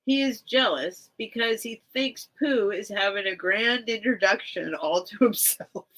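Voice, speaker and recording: A woman's voice: medium pitch, unhurried, fairly bright tone, poor audio. A woman hosting a casual livestream, reading a children's book aloud and rambling between pages, teary and close to crying. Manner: rambling, chatty, heavy on "like" fillers. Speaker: livestream seller.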